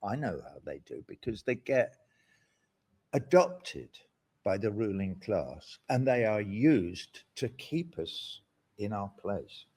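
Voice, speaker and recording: An older Englishman, outspoken and sardonic, appears as an interview guest discussing politics, animated and full of mocking asides and rambling tangents. His voice sits on the low side, slightly rough, and he takes his time.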